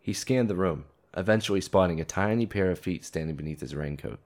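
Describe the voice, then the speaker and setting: Very deep-voiced male narrator. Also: darkish tone. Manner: measured storytelling. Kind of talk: scripted narration.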